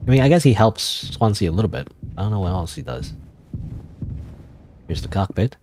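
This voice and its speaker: A man's voice: lowish voice, animated, fairly quick, long pauses, darkish tone. A man streaming a video game, thinking aloud in a casual, rambling way and reading in-game text. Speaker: gaming streamer. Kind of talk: let's play commentary.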